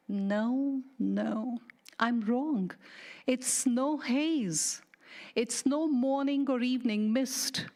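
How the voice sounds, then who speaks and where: A woman poet giving a slow, deliberate, mournful dramatic poetry reading, sometimes dropping to a hushed whisper. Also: fairly high pitch. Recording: studio radio reading.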